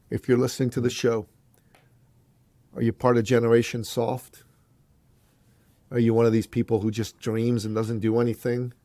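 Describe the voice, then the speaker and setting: A man's voice: medium pitch, mellow, no room sound. A man as a podcast guest, telling a motivational story in an emphatic, punchy way and challenging the listener.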